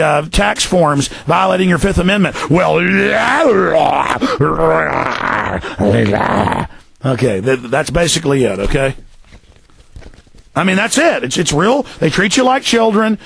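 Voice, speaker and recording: Gravelly ranting male radio host. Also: fairly high pitch, a bit bright, no room sound. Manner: furious, ranting, mocking voices. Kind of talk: angry political radio rant.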